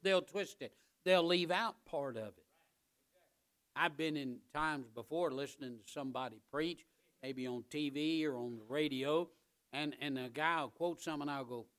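A male pastor preaching a sermon in church, emphatic and repetitive, building up to loud, driving peaks. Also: a little high, normal speed, clean tone.

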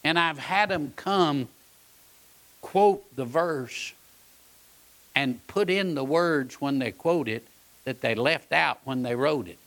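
A man's voice: a little high, takes it slowly, long pauses, a bit bright. A man preaching a sermon, folksy and emphatic, repeating his points and asking "all right?". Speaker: pastor; Bible college teacher.

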